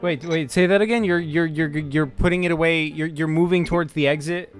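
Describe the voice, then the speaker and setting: A man running a tabletop game as game master, with a clear, smooth, slightly high voice. He speaks casually, in halting bursts full of fillers. Faint guitar music plays beneath. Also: fairly even intonation.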